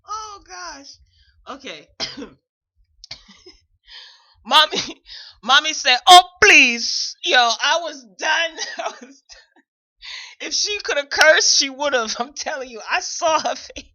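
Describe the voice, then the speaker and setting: A woman with a bright, fairly high voice chats casually as a morning show host. She keeps breaking into laughter as she retells a scene. The audio is dull and lo-fi. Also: slow pace, long pauses. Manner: laughing often, animated retelling. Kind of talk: casual chat.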